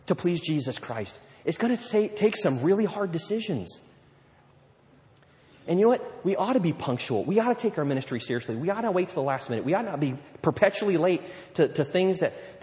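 A male pastor preaching a sermon, lively and conversational, acting out little scenes and quotes as he goes. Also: a little high. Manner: animated preaching with playful acted-out quotes. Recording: long hall reverb.

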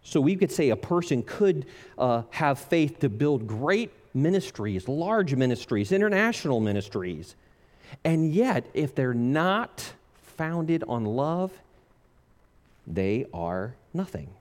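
A man preaching a sermon in an earnest, measured way, slowing down and dropping low on key phrases. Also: big pitch swings, darkish tone.

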